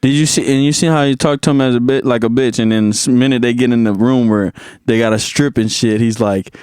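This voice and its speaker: A young man co-hosting a podcast, telling animated, profanity-heavy stories and acting out quotes. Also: medium pitch, brisk, clean tone, no echo, studio quality. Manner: animated storyteller, swears a lot, acts out quotes. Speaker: podcast co-host. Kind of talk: casual chat.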